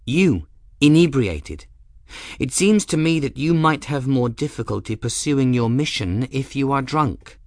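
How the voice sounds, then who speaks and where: A man voicing a tart, sharp-tongued young woman in a storybook, his voice raised high and speaking crisply. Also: lively intonation, unhurried, no echo, clean studio sound.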